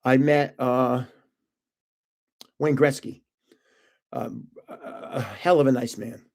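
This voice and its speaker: Older male host, casual rambling storyteller, mid-pitched voice. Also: steady tone, takes it slowly, a little mellow. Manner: rambling anecdotal, chuckles at own jokes. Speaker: channel host.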